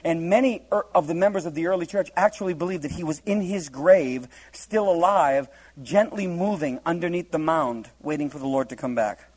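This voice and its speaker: A man's voice: fairly high pitch, normal speed, darkish tone, poor audio. A man preaching a humorous verse-by-verse Bible teaching, laughing often and acting out the scenes in different voices.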